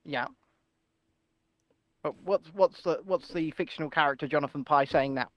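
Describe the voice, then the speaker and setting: Male co-host, sarcastic, high and lively; dull, dry recording. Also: normal speed, no room sound. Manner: sarcastic, teasing. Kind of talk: comedic news chat.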